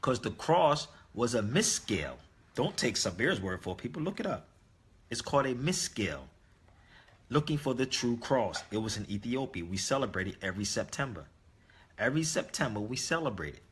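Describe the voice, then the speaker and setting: A man's voice: mid-range voice, very animated, moderate pace, fairly bright tone, slightly rough. A man telling a story in a casual monologue, emphatic and speaking straight to his listeners. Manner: emphatic, addresses listeners directly. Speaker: online talk host.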